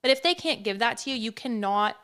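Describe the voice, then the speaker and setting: A woman's voice: fairly high pitch, lively intonation, a little fast, fairly bright tone, clear, resonant tone. A woman hosting a podcast, talking in a heartfelt, reflective way in casual conversation. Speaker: podcast host.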